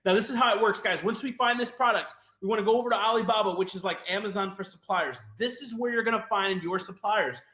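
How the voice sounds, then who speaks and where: A man presenting a sales webinar, fast and hyped, often asking "right?" and talking to "you guys". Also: high voice, bright, forceful tone, echoey room.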